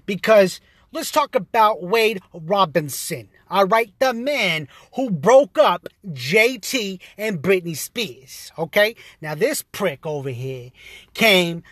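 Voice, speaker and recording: Brash, heated man ranting with lively pitch. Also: slow, no room sound, clean studio sound. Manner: brash, heated, profane, streetwise slang. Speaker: guest taking over a podcast. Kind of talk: casual profane rant.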